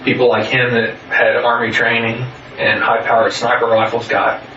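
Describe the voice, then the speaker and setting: A man giving a recorded statement in a flat, halting way, full of pauses and fillers. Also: mid-range voice, a little hiss or hum. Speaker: interviewee. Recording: muffled, roomy, distant recording.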